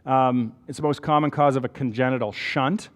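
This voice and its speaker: A man's voice: mid-range voice, steady tone, moderate pace, in a large hall. A man with a Canadian accent giving a conversational medical lecture, explaining step by step and checking in with rhetorical questions.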